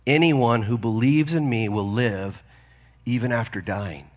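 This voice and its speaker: A man's voice: medium pitch, a little slow, muffled recording, lightly acted. A preacher quoting a solemn male teacher. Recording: long reverb of a large hall.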